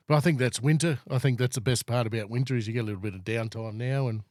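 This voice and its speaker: A man's voice: mid-range voice, fast, a little mellow, dry recording, clean studio sound. A man with an Australian accent co-hosting a podcast, chatting casually in a blunt way with offhand swearing. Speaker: podcast co-host. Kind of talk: casual chat.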